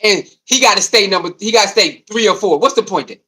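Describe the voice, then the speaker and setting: In a low-quality recording, a man speaks fast in a high-pitched voice with a breathy edge. He's a sports commentator giving a heated, mocking rant, animatedly acting out coaches' voices in asides.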